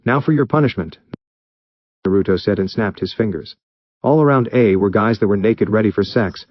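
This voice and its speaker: A man narrating fan fiction aloud in a plain, steady reading voice. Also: on the low side, a little fast, dry recording, lo-fi sound.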